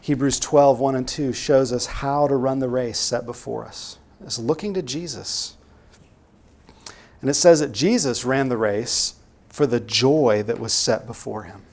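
A man's voice: mid-range voice, a little slow, a little mellow. Earnest male preacher exhorting a congregation. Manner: earnest, exhorting, rhetorical questions. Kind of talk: sermon.

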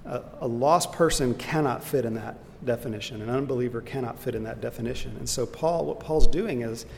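Man leading a church Bible class, mid-pitched, earnest and explanatory, echoey hall with faint background rumble. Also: a little fast, gravelly. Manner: earnest, explanatory, with fillers and restarts. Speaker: Bible teacher. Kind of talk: Bible study lesson.

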